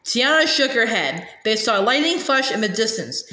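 A woman reading a children's novel aloud, halting and repeating words with many uhs. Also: mid-range voice, bright, forceful tone, echoey room. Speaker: reader.

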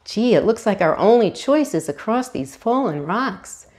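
Lady reading as papa dinosaur, hearty and upbeat, bouncy pitch. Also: animated, normal speed, darkish tone, lightly acted.

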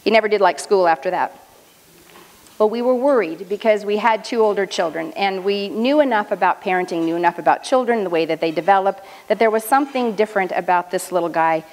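A middle-aged woman telling a personal story at a luncheon in a measured, earnest way. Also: mid-range voice. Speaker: speaker. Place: luncheon hall. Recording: reverberant hall.

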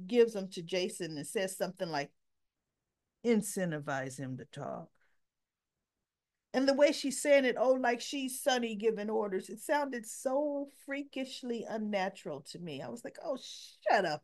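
A woman's voice: fairly high pitch, animated, moderate pace, darkish tone. A middle-aged woman casually recapping a soap opera episode, retelling the scenes through quoted dialogue and blunt asides.

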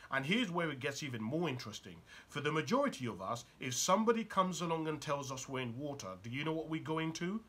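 A man gives a motivational talk in a bright, slightly husky voice. His pitch swings widely as he presses the listener with one probing question after another. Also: sing-song, fast talker, few pauses. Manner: urgent and probing, fires rhetorical questions at the listener. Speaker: motivational speaker and author.

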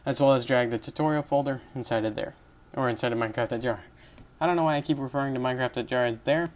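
A fast-talking young man with a mid-range voice hosts this casual screen-recorded coding tutorial. Rambling and chatty, he laughs a little and corrects himself as he goes.

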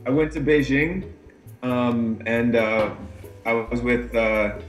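Canadian male athlete, laid-back and good-humoured, middle pitch. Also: steady tone, slow pace, faint music behind. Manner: easygoing, laughs often, many fillers. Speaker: pro mountain bike rider. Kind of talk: casual interview answers.

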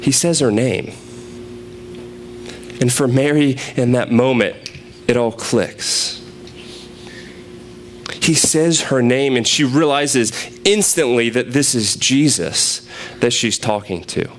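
Young male preacher, mid-range voice, relaxed storytelling delivery, light hiss behind. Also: mid-range voice, slow pace, pauses often. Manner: conversational, animated storytelling with restarts. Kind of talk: sermon.

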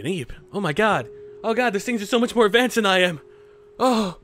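A man's voice: high-pitched, lively intonation, fairly quick, fairly bright tone, soft background music. A young man casually commenting while playing a video game, joking, reading on-screen prompts aloud and talking to his creature. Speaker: gaming YouTuber. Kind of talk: let's play commentary.

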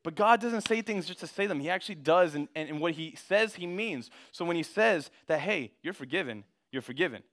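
A man's voice: on the high side, expressive, a little fast, few pauses, fairly bright tone. A young man giving a casual sermon, slangy and conversational, reading scripture with rising intensity.

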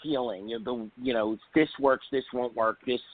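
Earnest radio host on a phone line. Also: male voice, medium pitch, normal speed. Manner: earnest, rambling questions. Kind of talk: call-in radio interview.

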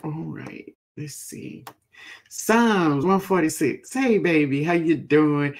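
A woman hosts a casual gardening live stream. She talks slowly with a gravelly, husky edge and a voice that rises and falls a lot, greeting viewers one by one. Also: low-pitched, expressive. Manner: greets chat viewers by name, chatty and laughing.

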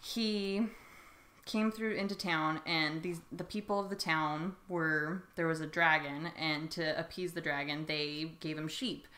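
With a deep, bright and forceful voice, this young podcast co-host keeps her tone steady and her pace measured. She's bubbly and giggly as she retells a story in casual conversation, acting out playful voices, and the room she's in is echoey.

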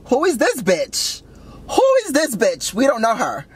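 A man's voice: wildly swooping pitch, measured pace, slight background noise, heavily acted. A man doing Patricia, a brash sassy young mom. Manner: loud, giggly, swears constantly, swoops up high. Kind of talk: comedy sketch in character. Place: in a car.

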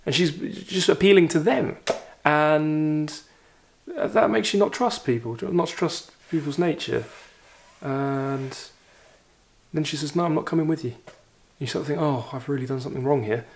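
A man reading a short story aloud as a literature teacher, lifting his voice for the characters' lines and pausing for reflective commentary. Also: on the high side, creaky, a little hiss or hum. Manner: expressive reading, raises voice for quoted lines, reflective asides.

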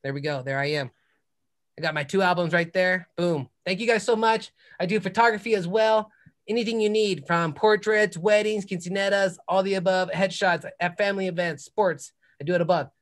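A man with a high-pitched voice hosts his own podcast in a loud, hyped-up style. He fires off whooping catchphrases while plugging his show between guest questions. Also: a little fast. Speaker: podcast host. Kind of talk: hyped podcast intro and self-promotion.

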